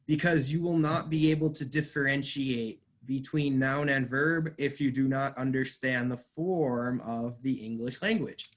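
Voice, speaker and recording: A man teaching English, explaining slowly and patiently, stressing words. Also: fairly high pitch. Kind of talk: online class teaching.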